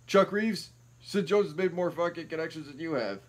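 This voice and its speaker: A man's voice: on the high side, normal speed. A man hosting a live stream, ranting in a rambling, profane, heated way.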